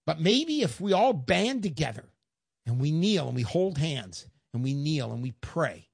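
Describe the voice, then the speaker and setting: A man's voice: on the high side, creaky, husky, no echo, clean studio sound. Chatty older male radio host. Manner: chatty, emotional, folksy salesman patter. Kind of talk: call-in radio talk.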